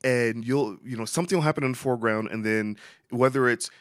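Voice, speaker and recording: A man's voice: medium pitch, fast talker, clean tone, no room sound, clean studio sound. A man co-hosting a podcast, asking eager, long-winded questions in a casual interview and restarting his sentences often. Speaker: podcast co-host.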